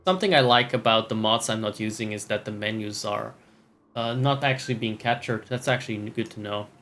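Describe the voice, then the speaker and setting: A man's voice: lowish voice, fairly quick, fairly bright tone, faint music behind. Sardonic, profane man streaming a game. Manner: reads game dialogue aloud. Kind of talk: casual gameplay commentary.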